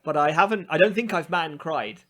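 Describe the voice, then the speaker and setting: A man co-hosting a podcast, telling a story with animated, mocking exasperation in casual chat. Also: a little high, brisk. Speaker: podcast co-host.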